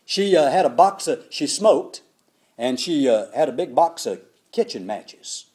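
A man's voice: on the high side, a little slow. An older man preaching a sermon, telling a Bible story and acting out the characters in it. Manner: animated, acts out the characters in the story.

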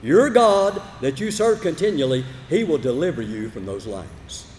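A preacher voicing an imperious old king, proclaiming orders in a high, forceful voice that swings up and down. The commands ring out through a hall with a long reverb. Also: lively intonation, normal speed, slight background noise, natural voice. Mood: commanding.

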